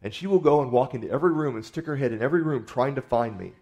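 A male pastor preaching in a relaxed, storytelling way, talking to the congregation like neighbors. He is folksy and conversational, often doubling back on his own words mid-sentence, with a voice sitting right in the middle of the usual range. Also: medium pitch, racing. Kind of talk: sermon.

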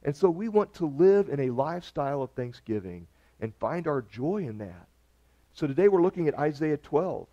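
A man's voice: on the high side, very animated, normal speed, mellow. A man pastor preaching an earnest, conversational sermon. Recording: dull lo-fi recording.

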